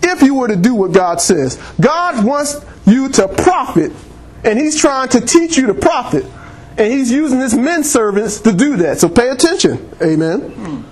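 A man's voice: very high-pitched, very animated, moderate pace, darkish tone. A man preaching a sermon in church, reading scripture and calling on the congregation for amens, laughing often.

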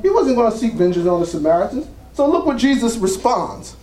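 A man's voice: high-pitched, big pitch swings, fairly quick, hardly any pauses, mellow. Older man preaching fervently. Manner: fervent call-and-response preaching, frequent "Praise God". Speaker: pastor. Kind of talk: sermon.

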